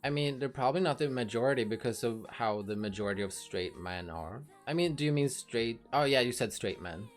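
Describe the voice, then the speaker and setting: A woman's voice: very deep voice, expressive, brisk, few pauses. A woman livestreamer in casual chat, talking frankly to her viewers and swearing freely, with faint music behind her.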